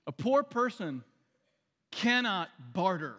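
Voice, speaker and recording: A male pastor with a high, light voice delivers a sermon in a relaxed, conversational way. He restarts his sentences and asks the congregation direct questions. His voice rings with the long reverb of a large hall. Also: slow pace.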